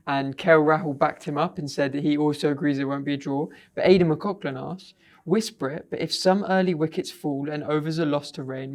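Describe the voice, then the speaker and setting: A man hosting a cricket podcast, introducing guests and reading out listener questions in a measured way. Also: fairly high pitch. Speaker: podcast host.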